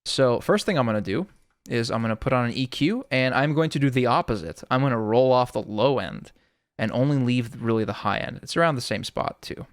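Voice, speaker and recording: A man's voice: medium pitch, fairly quick, dry recording. A man giving a casual audio tutorial, explaining in a laid-back way with lots of "sort of", close to a studio microphone. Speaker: music producer explaining sound design.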